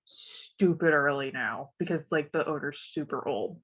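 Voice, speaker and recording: A woman's voice: sits low, unhurried, slightly rough. A woman from West Virginia, stuffed up, chatting casually and rambling on a stream, laughing often. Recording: dull lo-fi audio.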